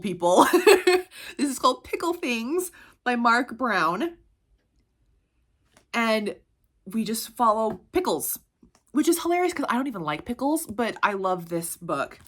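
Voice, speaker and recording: A woman's voice: medium pitch, a bit bright. A woman in her thirties chatting casually about her favorite picture books, bubbly and laughing often between sentences. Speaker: picture book reviewer. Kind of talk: casual book recommendations.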